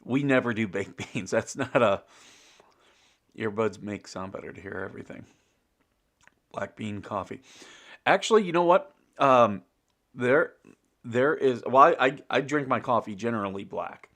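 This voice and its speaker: A middle-aged man from the US hosts a relaxed morning livestream chat. He rambles, restarts his sentences and chuckles often, in an everyday medium-pitched voice. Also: measured pace, long pauses. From United States. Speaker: show host.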